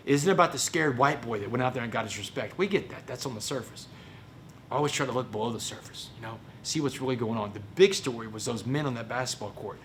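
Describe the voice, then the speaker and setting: A Texan man tells a motivational story at a quick clip, animated and folksy as he keeps turning to the audience. His voice sits at an ordinary middle pitch, and there is a faint hiss behind him. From Port Arthur, Texas. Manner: animated, folksy, keeps addressing the crowd as "y'all". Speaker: motivational speaker.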